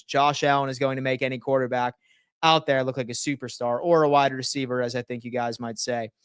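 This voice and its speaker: A young man hosting a live sports stream, reading viewers' chat aloud and ranting at them in a rowdy, teasing way, often swearing and swinging from loud outbursts to quiet asides. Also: a little high, clear, resonant tone, dry recording.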